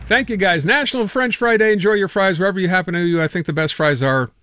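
A man hosting a radio show in casual chat, quick and full of fillers. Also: high-pitched, bright, forceful tone, no echo, clean studio sound, soft background music. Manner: quick, chatty, with many fillers. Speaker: radio host.

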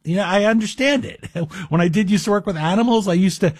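A man's voice: high-pitched, brisk, a little mellow, no room sound. A middle-aged man guest-hosting a talk radio show, delivering a chatty monologue with wry, self-deprecating asides. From Greek heritage. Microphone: studio microphone.

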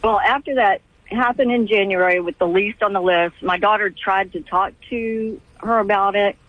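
A middle-aged woman calling in to a radio show, telling a family story in halting, restarting sentences. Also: mid-range voice, fairly even intonation, no room sound. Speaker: caller. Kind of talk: call-in radio conversation. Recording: tinny phone line, dry.

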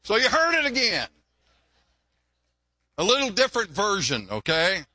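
A man's voice: high voice, wildly swooping pitch, moderate pace, pushed and bright, no room sound. An older pastor preaching a sermon in a folksy, joke-telling way, often repeating his words. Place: church.

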